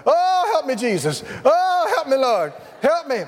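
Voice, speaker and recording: A high, wailing voice of a worn-down believer man, as a preacher puts him on, groaning over every trial. The complaints rise and swoop. A long hall echo hangs around it. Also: sing-song, measured pace, full character voice. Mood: distressed. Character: weary struggling male believer, groaning.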